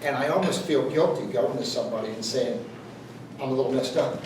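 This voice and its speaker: Quizzing the crowd as he goes, a man gives a playful, conversational motivational speech in an event hall. His voice is mid-range, a little fast and a little mellow, and the distant mic catches an echoey room with slight background noise.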